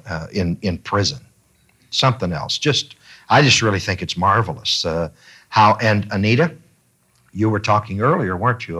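Bible teacher, man, husky bright voice, big swings in pitch, leads a class. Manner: animated, repeats words, many fillers.

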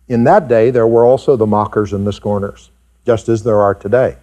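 A man preaching a sermon to his congregation, animated and rising high in pitch when he acts out doubters. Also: fairly quick. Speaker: pastor. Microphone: pulpit mic recorded for tape.

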